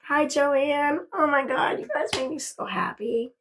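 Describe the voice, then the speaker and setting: In a laid-back livestream from her bedroom, a woman with a high-sitting, expressive voice talks at a normal speed. Her tone is fairly bright, and there's slight background noise as she gushes, chats, swears casually and keeps thanking viewers.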